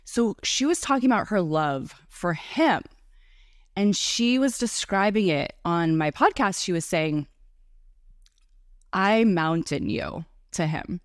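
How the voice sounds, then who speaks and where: A woman's voice: medium pitch, expressive, unhurried, no room sound, studio quality. A woman from the New York area, a breathwork and Reiki facilitator, chatting enthusiastically as a guest in a casual interview.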